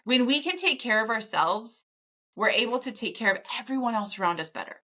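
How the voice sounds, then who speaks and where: Bright-voiced woman, raw and candid. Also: on the high side, expressive, brisk. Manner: raw, emotional, repeats herself. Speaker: podcast host. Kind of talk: candid motivational monologue.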